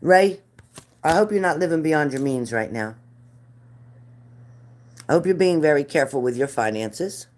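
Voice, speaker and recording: A woman's voice: deep voice, lively intonation, normal speed, long pauses, darkish tone. A middle-aged woman reading spirit cards live for viewers, chatty and earnest, repeating their names. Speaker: card reader.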